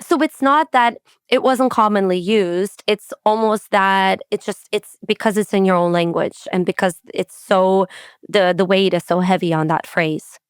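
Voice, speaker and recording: Woman podcast host, lively storytelling chat, clear smooth voice, close dry mic. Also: normal speed, no room sound. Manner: chatty and animated, acts out quotes with rising pitch and laughter. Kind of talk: casual interview chat.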